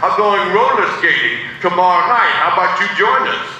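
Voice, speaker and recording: A man's voice: high-pitched, expressive, moderate pace, pushed and bright, dull audio, full character voice. A man voicing an eager young girl who keeps coaxing a friend to join in. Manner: coaxing, upbeat and insistent. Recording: echoey sanctuary, distant mic, faint noise.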